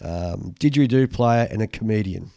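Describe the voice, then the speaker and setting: A man's voice: on the low side, normal speed, creaky, mellow, no room sound. An Australian man co-hosting a casual hobby podcast, chatting and reading listener mail aloud with dry asides. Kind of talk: casual chat.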